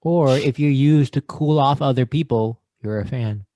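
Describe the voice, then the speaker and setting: Male co-host, playful banter, rattles off shout-outs, mid-pitched, close dry mic. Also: normal speed, dry recording. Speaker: podcast co-host. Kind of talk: casual chat.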